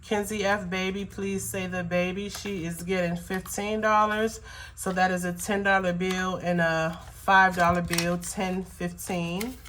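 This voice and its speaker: A woman's voice: lowish voice, little pitch movement, a bit bright, slight background noise. A woman talking casually as she counts cash into budget envelopes, rambling, with many fillers, and at times choked up. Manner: slow, rambling, counts bills aloud with frequent fillers. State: emotional, choked up. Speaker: budgeting vlogger.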